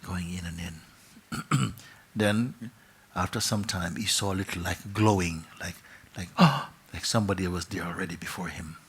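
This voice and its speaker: A man telling a parable as a spiritual teacher, soft-spoken, often dropping to a whisper and repeating his phrases. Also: low voice, moderate pace, slightly rough. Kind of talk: storytelling in a spiritual gathering.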